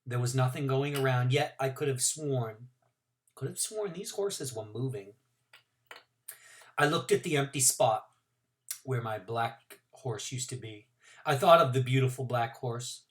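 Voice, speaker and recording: A male teacher reading a novel aloud to his class in an expressive first-person narration with varied pacing. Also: medium pitch, unhurried.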